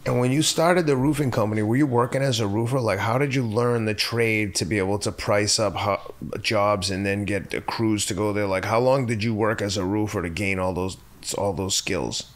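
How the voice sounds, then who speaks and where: A man's voice: fairly low pitch, normal speed, hardly any pauses. A man, a podcast guest who asks curious, blunt questions in a casual chat.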